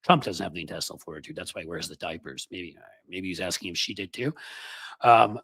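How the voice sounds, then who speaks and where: A man's voice: sits low, fast talker, gravelly, fairly bright tone, breathy edge, no echo. A man hosting casual political commentary, full of sarcastic, mocking asides.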